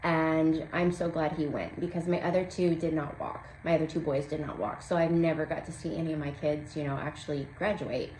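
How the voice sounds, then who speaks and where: A woman in her forties hosts a craft vlog, chatting casually and cheerfully with plenty of ums. Her voice sits low and a little mellow, with a steady tone, a fairly quick pace and few pauses. The recording has a roomy echo and a faint background hum.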